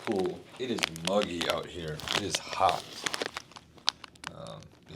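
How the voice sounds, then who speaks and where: A man, a keynote speaker, chatting casually in a travel vlog and thinking out loud in a rambling way. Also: low-pitched, measured pace, long pauses, heavy background noise.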